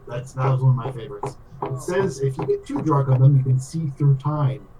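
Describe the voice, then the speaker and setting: A man's voice: mid-range voice, lively intonation, a little fast, noisy background, natural voice. A man voicing a polite, flustered adult male adventurer who talks formally and keeps insisting everything is fine. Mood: hospitable. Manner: formal and fussy, repeats reassurances. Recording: roomy echo, mic at a distance.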